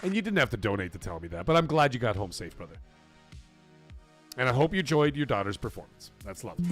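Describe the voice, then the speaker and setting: A man hosting a live stream, talking in a casual, emphatic and repetitive way, his voice getting hoarse. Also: fairly high pitch, sing-song, fast talker, faint music behind, a faint crowd. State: voice going hoarse. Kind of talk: casual live-stream chat reading donations.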